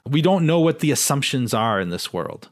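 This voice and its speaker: A man reading a story passage aloud and discussing it in a measured way. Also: mid-range voice, very animated, no echo, clean studio sound.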